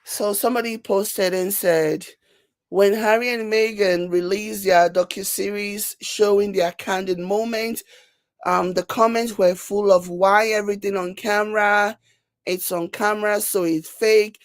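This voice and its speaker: A woman with a Nigerian accent hosting a casual commentary show, reading viewer comments and mocking them with animated, repetitive emphasis. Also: mid-range voice, unhurried, no echo. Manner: animated, laughing, mocking, repeats herself for emphasis. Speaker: commentary channel host.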